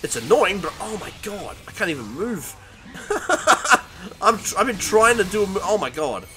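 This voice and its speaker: A young gaming host commentates his match in a high, bright voice that swoops up and down with every hit. He yelps, laughs and talks straight to the characters on screen. Faint game music plays behind him. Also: very animated, a little fast. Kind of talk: live gameplay commentary.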